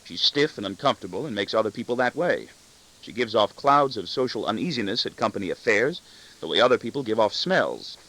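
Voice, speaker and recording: A man's voice: lowish voice, animated, a little fast, pushed and bright, heavily acted, rough recording. A man voicing an arrogant, cutting corporate boss in an audiobook, with a sardonic, self-satisfied delivery. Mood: scornful. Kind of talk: audiobook reading.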